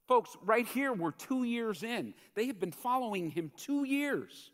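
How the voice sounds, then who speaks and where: A man preaching a sermon as a pastor in a church, in a conversational, animated way that acts out the quotes he tells. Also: sits high, moderate pace, hardly any pauses. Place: church sanctuary. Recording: church hall reverb.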